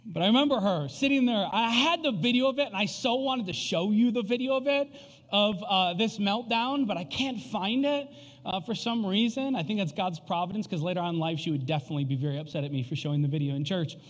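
A man in his thirties preaching a sermon, telling a family story in an animated, casual way with frequent fillers. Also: high-pitched, fairly quick. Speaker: pastor. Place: church sanctuary. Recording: long reverb of a church hall.

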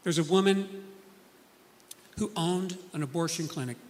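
A man's voice: on the high side, a little slow, a little mellow, big-room sound. A man preaching a sermon, telling stories earnestly and acting out the people he quotes.

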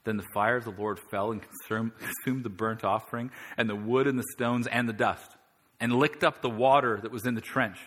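A male pastor tells a scripture story during his sermon with animated energy, growing louder as he reads the passage aloud. His voice is medium in pitch and brisk.

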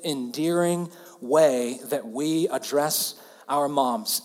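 Slow Southern man preaching in a hall. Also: on the high side. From Alabama, southern US. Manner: earnest, swings from loud emphasis to hushed softness. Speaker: pastor. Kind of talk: sermon.

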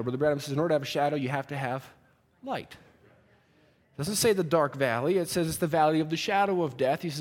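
A man preaching a folksy sermon in church, building from a conversational tone to fervent, near-shouted exhortation. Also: mid-range voice, expressive, quick pace.

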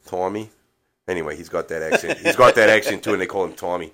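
A man's voice: deep voice, quick pace, pushed and bright. A man co-hosting a podcast in casual chat, rambling with frequent laughs and casual swearing. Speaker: podcast co-host.

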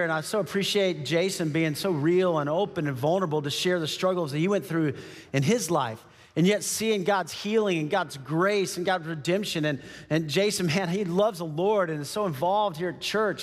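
High-voiced pastor in a reverberant hall. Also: male voice. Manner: animated, conversational, acts out the scenes. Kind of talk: sermon storytelling. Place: church auditorium. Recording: long church-hall reverb.

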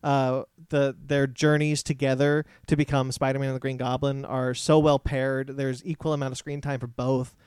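A man's voice: medium pitch, flat delivery, normal speed, few pauses, darkish tone, smooth, dry recording. A young man hosting a podcast in casual chat, hesitant and full of ums. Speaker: podcast host.

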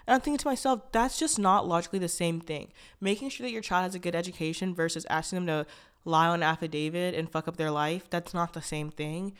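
A woman's voice: on the low side, fairly even intonation, fast, clear, resonant tone. A young woman hosting a podcast, telling a personal story in a rambling, candid way, full of "like" fillers, restarts and blunt swearing. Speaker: podcast host.

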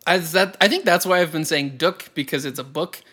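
A man's voice: a little high, fairly quick, slightly rough. Laughing podcast co-host, man. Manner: laughs often, relaxed and joking. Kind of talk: casual podcast chat.

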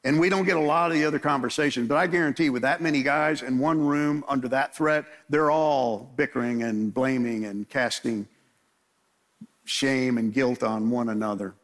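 A man's voice: mid-range voice, steady tone, normal speed, a bit bright. A man preaching an expository sermon in a casual, conversational way, briefly voicing the people in the story. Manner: conversational, acts out biblical characters' voices.

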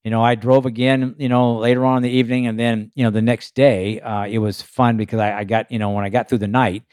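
A man who drives race cars, casually telling a lively story in his own voice and filling it with "you know" and "uh". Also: mid-range voice, fast talker, smooth, no echo, clean studio sound. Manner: animated anecdote-telling with frequent fillers. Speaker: race car driver guest.

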